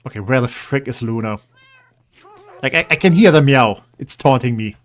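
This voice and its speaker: A man's voice: medium pitch, moderate pace. Chatty man streaming a building game. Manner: chatty, rambling, coaxing pets. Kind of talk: casual gameplay commentary.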